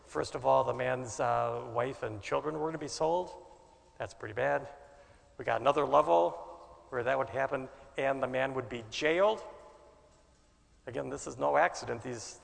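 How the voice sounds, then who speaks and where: A man preaching a sermon with a dramatic delivery, swinging from loud bursts to soft asides. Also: mid-range voice, moderate pace, gravelly, in a large hall.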